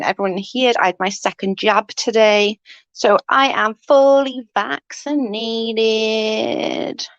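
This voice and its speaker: Here a woman in her forties chats casually with livestream viewers at home, rambling, laughing frequently and swearing freely. Her voice is a little high and fairly bright, with no room sound, and the lo-fi audio comes across dull and dry.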